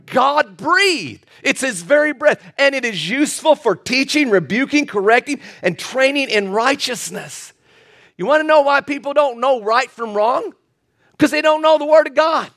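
A middle-aged male pastor preaching a sermon in an earnest storytelling way, stumbling and repeating words when excited. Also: very high voice.

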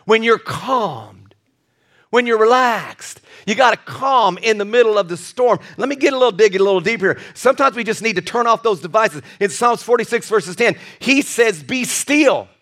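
A male pastor preaching a lively sermon with jokey asides and repeated restarts. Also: high voice, normal speed.

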